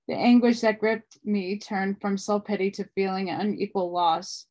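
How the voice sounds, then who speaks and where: A woman's voice: medium pitch, moderate pace, few pauses. Woman reading a book aloud. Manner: steady reading with small restarts. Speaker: audiobook reader.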